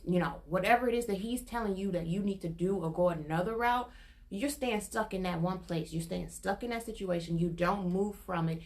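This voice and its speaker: A woman's voice: mid-range voice, darkish tone. A young adult woman sharing an informal prophetic testimony, earnest and repetitive, her intensity building as she goes. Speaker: prophetic minister.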